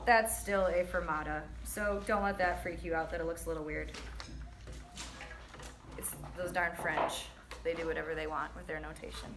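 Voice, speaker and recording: A woman's voice: sits low, steady tone, normal speed, reverberant, background noise. A woman teaching a percussion lesson, counting and singing rhythms aloud in an upbeat, breezy way.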